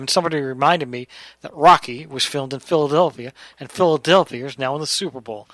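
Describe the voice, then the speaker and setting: A man from New York hosts a radio talk show in a studio, with a bright, forceful voice set a little high for a man. He talks casually and jokes easily, and the sound is dry and close. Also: fast talker, no room sound, low-quality recording. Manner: jokey, chatty, teasing.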